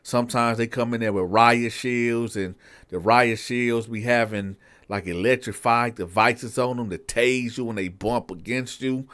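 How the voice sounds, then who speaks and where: A male host tells a prison story in a relaxed, slangy way. He speaks straight to his listeners in a mid-pitched voice. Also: unhurried.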